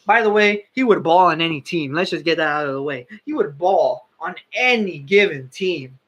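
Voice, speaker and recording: A high-pitched young man talks through his team rankings in casual sports commentary. He is firmly opinionated and often stops to correct or restart his sentences. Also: sing-song, moderate pace, hardly any pauses, a bit bright.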